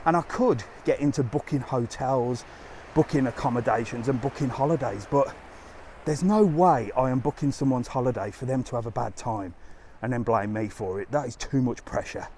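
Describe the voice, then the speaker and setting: A man's voice: medium pitch, moderate pace, a little mellow, slight background noise. Chatty blunt Englishman on a live walk. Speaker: travel vlogger livestreaming. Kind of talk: casual live walking stream. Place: outdoors on a seafront promenade.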